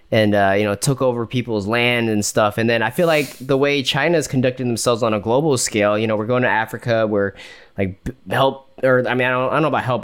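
A man's voice: medium pitch, clear, resonant tone. A man co-hosting a casual podcast, talking tentatively and hedging with lots of "like" and "you know". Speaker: podcast co-host.

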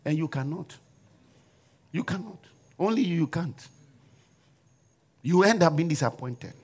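A man's voice: a little high, lively intonation, unhurried, darkish tone, breathy edge. A man preaching a sermon in a church, leading the congregation in call-and-response and forced laughter.

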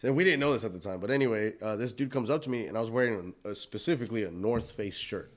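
A man's voice: lowish voice, fast. A man casually telling a profane bar story, acting out the voices of the people in it.

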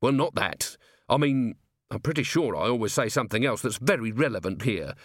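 A man's voice: mid-range voice, expressive, fairly quick, no echo, lightly acted. A man reading the part of a weary, sardonic police commander in an audiobook, dry and clipped. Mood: brisk. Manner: sardonic, wry.

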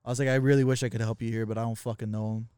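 A man's voice: medium pitch, very fast, clean tone, dry recording. A man co-hosting a podcast, telling stories in casual chat, swearing a lot and acting out what people said. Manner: swears a lot, animated retelling with quoted voices. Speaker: podcast co-host.

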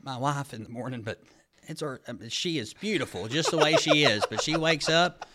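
A man's voice: medium pitch, brisk, background noise. A man, co-hosting a podcast, joking and drifting from topic to topic. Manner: jokey, rambling, easily sidetracked. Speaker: podcast co-host. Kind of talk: casual chat.

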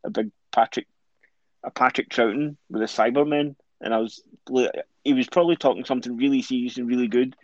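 A man's voice: mid-range voice, brisk, dry recording, muffled recording. A Scottish man co-hosting a podcast in casual chat, rambling and stumbling over his words. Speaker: podcast co-host.

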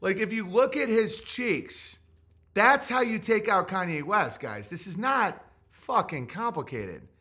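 A man's voice: high voice, very animated, measured pace, pushed and bright, husky. A man hosting a podcast, ranting casually in a profane, provocative, rambling way. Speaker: podcast host. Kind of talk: casual comic rant.

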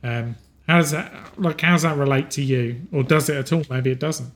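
A man running a tabletop game as game master, narrating haltingly with many pauses and filler sounds. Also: mid-range voice. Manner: halting, full of ums, slows for grim scenes.

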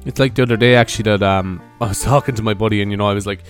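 A man's voice: fairly low pitch, steady tone, fast talker, faint music behind. A young man with an Irish accent hosting his own podcast in a casual, rambling monologue, swearing and laughing at his own jokes. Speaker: podcast host.

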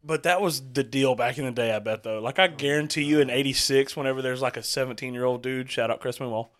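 A man hosting a casual movie reaction chat, talking in a rambling, halting way with lots of fillers and restarts. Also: mid-range voice, fairly bright tone. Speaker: host leading a movie reaction.

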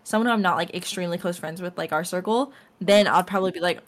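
A woman's voice: on the low side, fast, few pauses. A young woman co-hosting a laid-back chat podcast. She rambles with plenty of fillers and breaks into giggles as she talks. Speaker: podcast co-host. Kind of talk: casual chat.

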